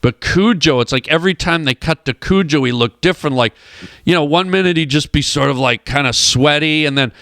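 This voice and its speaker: A man, a comedian, telling stories in casual chat as a guest in a radio studio, animated and acting out voices. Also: fairly high pitch, fairly quick, no room sound. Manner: animated storyteller who acts out voices. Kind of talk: casual storytelling on a radio show.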